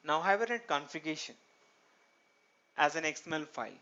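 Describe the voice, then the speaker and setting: A man walks through a programming lesson, asking himself rhetorical questions and checking in with "right?" His voice is smooth and fairly high. The recording sounds dull and lo-fi. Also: expressive, brisk, sharp tone. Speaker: programming instructor. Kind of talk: screen-recorded tutorial lecture.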